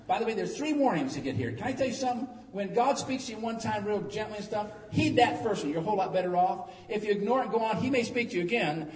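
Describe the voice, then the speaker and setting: A middle-aged man preaches a sermon in a folksy, joking, animated style. His voice sits a little higher than most men's. It echoes around a large hall and is picked up from a distance, with faint noise in the background. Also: fast, few pauses.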